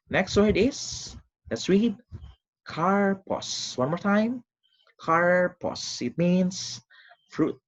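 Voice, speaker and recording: A man delivers a recorded lesson at an unhurried, deliberate pace, his voice husky and full of pitch movement. He leads call-and-repeat drills. The recording sounds dull and lo-fi. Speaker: teacher.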